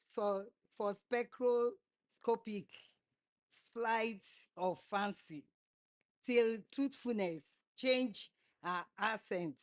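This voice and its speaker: Slow, halting woman reciting a poem. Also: medium pitch. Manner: halting, restarting words. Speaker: poetry reader. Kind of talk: poetry recitation at a conference. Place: conference stage.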